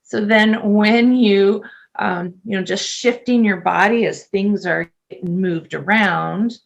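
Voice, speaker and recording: Middle-aged woman, gravelly voice, chatty interview guest, lots of ums, laughs easily. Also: mid-range voice, slow pace, dull audio. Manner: chatty, laughs often, many fillers. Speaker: nurse and podcast guest. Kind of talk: casual interview talk.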